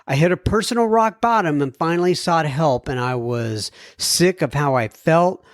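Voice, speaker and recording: A US podcast host, his voice a little high and expressive, works through listener letters at a moderate pace, pausing for chatty remarks and fumbling tricky words. The sound is dry and studio quality.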